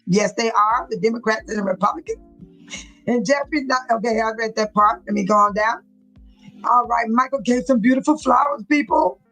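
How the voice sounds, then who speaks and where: Give me a chatty woman hosting a livestream with a fairly high voice. She reads viewer comments aloud and greets each person by name. She laughs often as she talks. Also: moderate pace, a bit bright, faint music behind, low-quality recording. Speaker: livestream host. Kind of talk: casual livestream chat, reading comments aloud.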